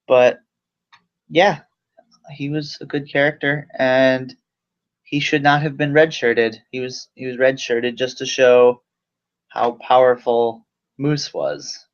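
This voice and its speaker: Recorded on a slightly dull lo-fi mic, this young man has a mid-range, somewhat bright voice. His casual movie review rambles along, packed with fillers and profanity.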